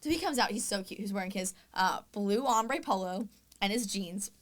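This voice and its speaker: A woman's voice: medium pitch, expressive, normal speed. A woman co-hosting a podcast, telling a story in casual chat, gushing and quoting herself in dialogue. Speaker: podcast co-host.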